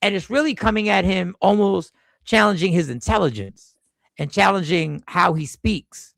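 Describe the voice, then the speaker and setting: A man hosting a casual podcast chat, talking in an animated, emphatic way with frequent restarts. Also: high-pitched, moderate pace, creaky, dry recording. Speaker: podcast host.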